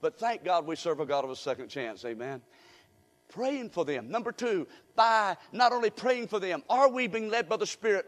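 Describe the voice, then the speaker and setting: Brief: older male preacher, high voice, folksy call-and-response, long church reverb. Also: a bit bright. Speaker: guest preacher. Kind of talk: sermon.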